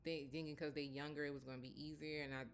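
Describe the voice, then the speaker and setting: Low-voiced chatty woman recapping. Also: flat delivery, fast talker, clear, resonant tone. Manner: chatty, laughs often, lots of 'like' and 'you know'. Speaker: TV episode reviewer. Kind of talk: casual recap chat.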